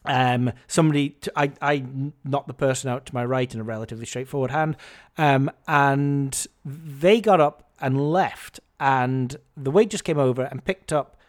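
A man hosting a podcast, telling a story in a casual, animated, wry and self-mocking way. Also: mid-range voice, moderate pace. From Scotland. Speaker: podcast host.

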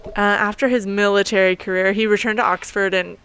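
A playful woman co-hosts a chatty podcast. Her voice is bright and clear at a middle pitch. She teases her co-host and laughs easily. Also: steady tone, a little fast, slight background noise. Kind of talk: casual chat, reading a quote. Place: bookstore with shoppers around.

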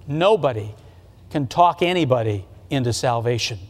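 A man with a high, light voice preaches a sermon, earnest and conversational, often stumbling and restarting as he goes. His words ring out with a long reverb through a church hall. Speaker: pastor. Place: church sanctuary.

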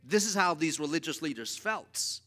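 A man preaching a sermon as pastor, with emphatic repeated refrains and swings from loud to quiet. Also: on the high side, animated, normal speed.

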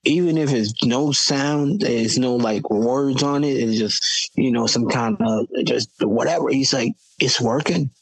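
A man's voice: mid-range voice, unhurried, creaky, breathy edge, no echo, poor audio. A man from Florida, a guest on a podcast, tells his stories with animation and acts out the people he quotes. His voice sits in the middle of the usual range. The sound is close and dry, with no room around it. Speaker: guest, Christian hip hop artist. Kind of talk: casual podcast conversation.

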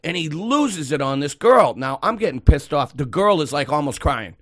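A man in his fifties in casual podcast chat, telling stories loudly with swearing and acted-out quotes. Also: fairly high pitch, big pitch swings, normal speed, dry recording, clean studio sound. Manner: loud, swearing, acts out quoted people. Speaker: podcast co-host.

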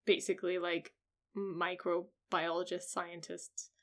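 A woman's voice: on the low side, little pitch movement, a little slow. A woman co-hosting a podcast, talking casually with lots of fillers and easy laughter. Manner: chatty, filler-heavy, laughs often. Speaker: podcast co-host. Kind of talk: casual chat.

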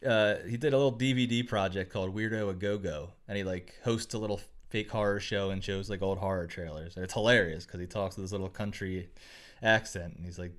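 A man's voice: low voice, fairly even intonation, a little fast, a bit bright. Laid-back man. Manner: loose, rambling, laughs often. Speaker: podcast co-host. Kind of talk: casual chat.

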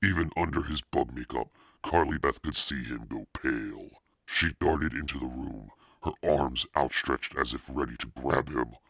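A man voicing Satan as a demonic podcast narrator, reading a spooky children's story in a slow, menacing drawl with a husky, gravelly voice. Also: a bit bright, no room sound, clean studio sound, full character voice. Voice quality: extremely deep, gravelly and husky. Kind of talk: scripted narration.

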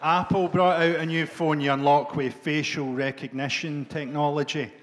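A Scottish man performing a stand-up comedy set, profane and deadpan, jabbing at the crowd in a live venue. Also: a little high, moderate pace.

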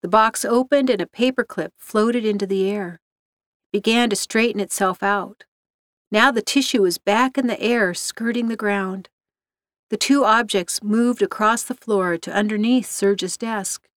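A woman reading a scripted story aloud in an even, measured way. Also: mid-range voice, no room sound, clean studio sound. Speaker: narrator.

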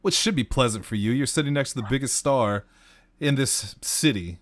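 A man's voice: medium pitch, moderate pace, no room sound, lightly acted. A man playing a vain, fed-up stage magician. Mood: exasperated. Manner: whiny and self-important.

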